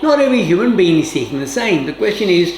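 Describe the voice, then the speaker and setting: A woman yoga teacher giving calm, measured instructions with formal, old-fashioned phrasing during a guided class. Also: lowish voice, a little hiss or hum. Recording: roomy, echoey room.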